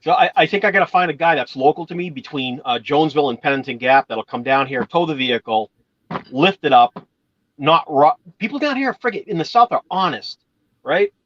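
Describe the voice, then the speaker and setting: A man's voice: fairly high pitch, animated, a little fast, fairly bright tone, muffled recording. A man from Massachusetts chatting casually, rambling through stories and swearing now and then. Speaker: channel host. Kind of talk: casual chat.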